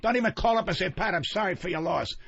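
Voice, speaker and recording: A man's voice: high-pitched, quick pace, creaky, fairly bright tone, breathy edge. An older man, a guest comedian on a radio talk show, ranting in a hostile, profane, combative way. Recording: muffled radio broadcast.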